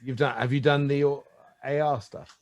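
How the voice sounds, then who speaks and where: A man's voice: medium pitch, steady tone, normal speed, slight background noise. A man guesting on a casual wine podcast, playful and teasing, laughing often. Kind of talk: casual chat over wine.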